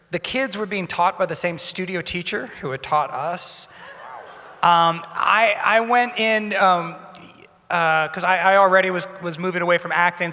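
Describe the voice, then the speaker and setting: Bright, high-voiced man on a hall panel. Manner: thoughtful, restarts often with "um". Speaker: actor and director on a panel. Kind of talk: panel talk. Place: convention hall panel stage. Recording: long reverb of a big hall.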